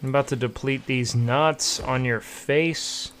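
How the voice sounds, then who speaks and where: A man's voice: on the high side, unhurried, a bit bright. A young man streaming a game, chatting to viewers casually with profane, playful trash talk. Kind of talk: casual gameplay commentary.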